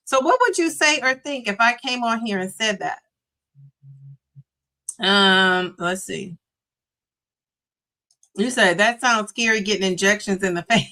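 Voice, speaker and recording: Bright-voiced woman hosting a chatty livestream. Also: fairly high pitch, expressive, moderate pace. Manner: chatty, laughs often, reads viewer comments aloud. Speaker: livestream host reading chat. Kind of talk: casual live chat.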